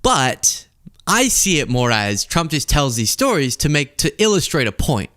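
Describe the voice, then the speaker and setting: Sarcastic, animated male podcast host. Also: a little high, a little slow, no echo, clean studio sound. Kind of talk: political commentary.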